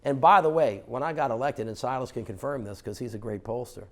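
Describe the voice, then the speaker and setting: A middle-aged man from New Orleans, a former mayor, telling an animated story on stage at a fundraiser and acting out the dialogue. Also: medium pitch, fast talker. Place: stage conversation at an indoor fundraiser.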